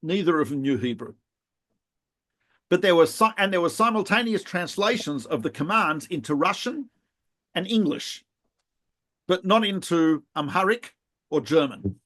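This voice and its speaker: A middle-aged man, a rabbi co-hosting a podcast, telling animated anecdotes with laughs and restarts in casual chat. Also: a little high, normal speed, pauses often.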